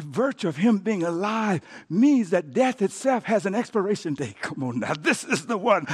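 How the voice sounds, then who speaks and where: Man preaching, very high voice, dramatic sermon, hushed then shouting, stammers and restarts. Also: big pitch swings, moderate pace, few pauses, slightly rough. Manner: dramatic, swinging from soft near-whispers to shouted peaks. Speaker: pastor.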